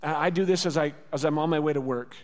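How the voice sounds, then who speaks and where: A man's voice: a little high, quick pace, long reverb tail. A man in his thirties preaching a sermon as a pastor, earnest and conversational, speaking prayers aloud as he teaches. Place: church sanctuary.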